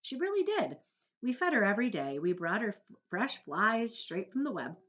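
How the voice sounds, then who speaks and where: A woman's voice: mid-range voice, very animated, normal speed, a bit bright, muffled recording, pitched above the performer's own voice. A woman voicing a prim, tearful female spider in a storybook read-aloud, telling a sad tale dramatically.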